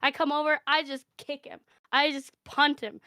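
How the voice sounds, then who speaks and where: A woman improvising a comedic story in a rambling, deadpan, gleefully profane way. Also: sits high, moderate pace, no echo.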